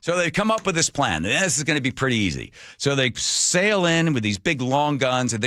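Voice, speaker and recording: A man hosting a radio talk show, casually retelling a history story with jokes and quick put-on voices. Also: medium pitch, big pitch swings, pushed and bright, dry recording, studio quality. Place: radio studio. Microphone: studio microphone.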